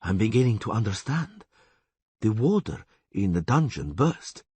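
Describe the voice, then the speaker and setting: A wistful elf, voiced by a man, speaks in a calm, quiet and wry way. The voice stays husky and close to the narrator's own. The audiobook recording is dry. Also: on the low side, a little slow, no echo, full character voice. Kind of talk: audiobook character voice.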